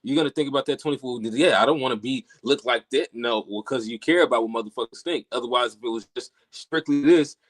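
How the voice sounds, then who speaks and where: A man's voice: medium pitch, quick pace, few pauses, a bit bright, no room sound. A man talking casually about faith, rambling, correcting himself and cussing. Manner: rambling, profane, self-correcting.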